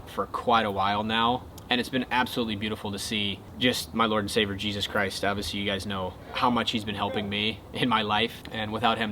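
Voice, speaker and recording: A young man casually telling a golf story to his viewers, excitable and then earnest. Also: fairly low pitch, slight background noise. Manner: excitable retelling, quieter and earnest when talking faith. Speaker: golf content creator.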